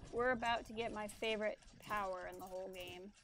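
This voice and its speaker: A woman's voice: medium pitch, steady tone, brisk, fairly bright tone, a little hiss or hum. A woman streaming a video game, chatting casually and reacting aloud as she plays. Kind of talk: casual live-stream commentary.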